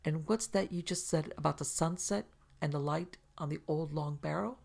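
A woman's voice: low voice, moderate pace, gravelly, a little mellow. A woman reading aloud and voicing an eager, inquisitive male scientist. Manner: keen, inquisitive. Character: eager, curious middle-aged male scientist.

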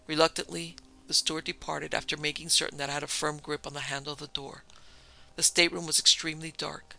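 Gravelly, bright-toned male story narrator. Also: a little high, flat delivery, rough recording. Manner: measured, tense storytelling. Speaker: narrator and producer. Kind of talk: scripted horror story narration.

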